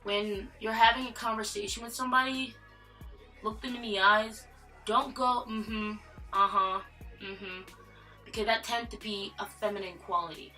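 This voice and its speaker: A man's voice: sits high, fairly even intonation, moderate pace, bright, forceful tone, soft background music. A man casually giving advice in a vlog, rambling and joking with fillers and asides.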